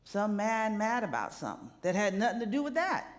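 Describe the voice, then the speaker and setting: A woman minister giving a lively, conversational sermon, often checking in with the congregation with a quick "right?". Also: medium pitch. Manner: animated, conversational preaching with rhetorical "right?" asides. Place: church sanctuary. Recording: long hall reverb.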